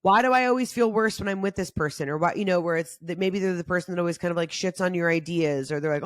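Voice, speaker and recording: A young adult woman hosting a casual self-help talk, chatty and animated, acting out quotes with big jumps in her voice. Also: on the low side, fast, no echo, studio quality. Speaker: podcast host.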